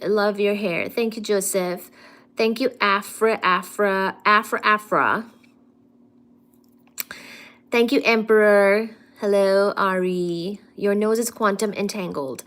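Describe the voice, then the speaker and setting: A woman's voice: medium pitch, fairly bright tone. A woman hosting a casual science live stream from home, playfully greeting viewers, reading their comments aloud and calling them darling. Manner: affectionate, calls viewers "darling".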